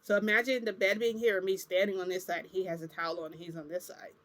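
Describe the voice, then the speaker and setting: A woman's voice: mid-range voice, flat delivery, quick pace, a bit bright. Rambling woman telling a story. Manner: rambling, full of "like" and self-corrections. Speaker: vlogger. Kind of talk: casual storytelling.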